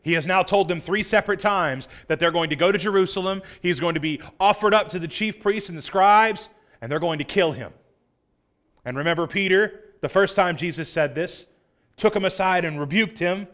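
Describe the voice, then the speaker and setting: A high-pitched man delivers a Sunday sermon. He teaches earnestly, then slips into relaxed, chatty asides to his congregation. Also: moderate pace. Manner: earnest, conversational preaching with casual asides. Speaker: pastor.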